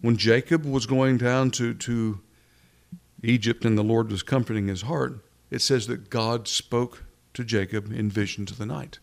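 Preacher, male, mid-pitched voice, earnest sermon delivery with repeated phrases for emphasis. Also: fairly even intonation, a little slow, creaky.

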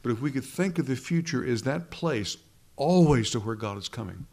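A man preaching a sermon. He builds to emphatic, slowed phrases when he stresses a point. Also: mid-range voice, animated, a little mellow. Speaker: pastor.

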